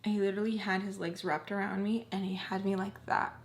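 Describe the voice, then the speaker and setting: Young woman doing a storytime vlog, says "like" nonstop, average pitch, faint noise in the back. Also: flat delivery, fairly quick. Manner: frequent "like" fillers, drops to near whispers when tense. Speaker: vlogger telling a personal story. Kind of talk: casual storytime monologue.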